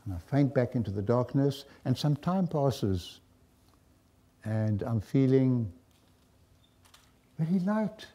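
An older man with a South African accent gives a lecture. His voice is mellow and dark at an ordinary pitch. He tells stories in a reflective, wry way and often pauses. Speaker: guest lecturer. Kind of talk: storytelling lecture.

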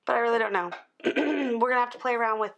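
Woman, thirties, tired and yawning, casual rambling planner vlog, soft muttered asides. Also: a little high, quick pace, creaky. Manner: chatty, rambling, soft asides under her breath. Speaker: planner vlogger. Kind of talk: casual chat while planning.

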